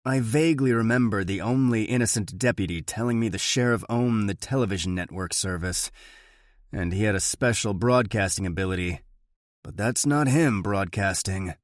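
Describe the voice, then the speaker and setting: A man narrating a thriller audiobook in the first person, steady and measured. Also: lowish voice, no room sound, studio quality.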